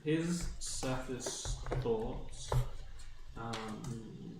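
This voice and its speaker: A man's voice: mid-range voice, drawn-out words, creaky. A man running a tabletop game as game master, describing scenes loosely with many fillers. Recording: echoey room from far off, noisy.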